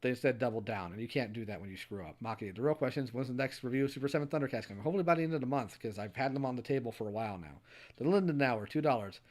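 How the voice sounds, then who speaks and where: A man's voice: mid-range voice, very fast, a little mellow. A young adult man hosting a livestream, reading donation messages aloud and answering each with a short, dry quip. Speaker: streamer host.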